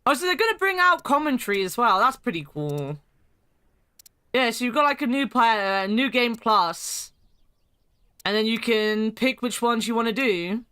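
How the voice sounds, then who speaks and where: A woman streamer talks her way through an adventure game in a relaxed, joking manner, with a hoarse morning edge. Her voice is bright and clear and swoops lively up and down. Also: a little high, normal speed, dry recording, studio quality. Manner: chatty, joking, swears casually. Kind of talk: casual gameplay commentary.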